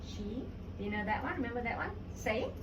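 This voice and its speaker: A woman's voice: a little high, expressive, quick pace, distant mic, background noise. A woman teaching a children's drama lesson at home, coaxing and encouraging. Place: home room with her child.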